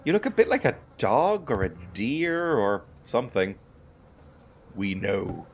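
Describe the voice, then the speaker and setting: A man's voice: lowish voice, big pitch swings, slow pace, creaky, a little hiss or hum. A man giving wry, joking commentary as he plays a game, talking to the game and to viewers. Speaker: gaming video host. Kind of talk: casual let's-play commentary.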